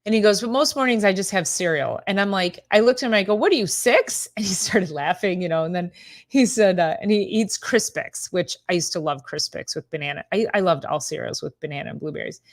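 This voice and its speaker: A middle-aged woman who works as a chiropractor hosts a laid-back live stream, her voice sitting slightly lower than average. She talks quickly and rambles happily, laughing often and speaking directly to her viewers. Her chatter is loose and casual, full of little asides.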